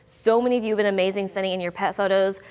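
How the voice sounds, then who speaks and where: A woman's voice: mid-range voice, steady tone, very fast, darkish tone, smooth, big-room sound. A young woman meteorologist giving a chatty, upbeat weather forecast with bouncy emphasis.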